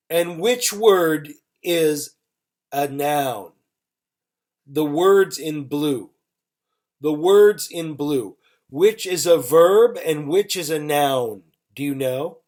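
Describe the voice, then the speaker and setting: A teacher giving an online English vocabulary lesson, speaking slowly and repeating each word and example sentence for learners. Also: female voice, sits low, darkish tone. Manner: slow, deliberate, repeats words and example sentences.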